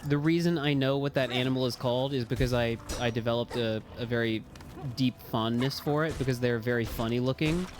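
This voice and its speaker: A young man with an ordinary mid-range voice talks loosely through a live game session. He drifts from topic to topic and bursts into shouts and curses at the enemies on screen. Game music plays clearly underneath. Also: medium pitch, fairly quick. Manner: excitable, rambling, swears and yells at enemies. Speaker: game streamer. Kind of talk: casual live gameplay commentary.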